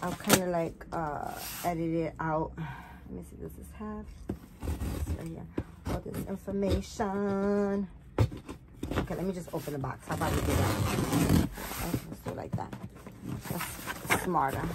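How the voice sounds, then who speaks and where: Vlogging from home, a woman who runs a doll channel unboxes a gift in a casual video, gushing and peppering her speech with "like" and "um." Her voice is on the low side and a little slow, with frequent pauses. It's captured on a nearby phone or camera and sounds very noisy.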